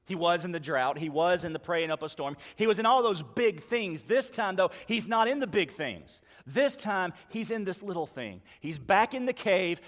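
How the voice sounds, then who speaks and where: A man's voice: high voice, animated, moderate pace, few pauses, a bit bright. A male pastor preaching a sermon in a conversational, emphatic style, repeating phrases to drive each point home. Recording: long reverb of a large hall.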